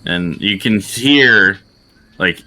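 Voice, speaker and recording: Brief: male game master, low voice, very bright, loose vivid narration. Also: animated, very slow.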